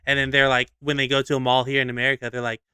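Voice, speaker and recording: A young man chatting casually on a podcast, animated and quick to slip into voices when retelling a skit. His voice is bright and crisp. The recording is dry and close. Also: mid-range voice, no echo. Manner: animated storyteller, acts out skits with voices. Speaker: podcast co-host. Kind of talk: casual chat.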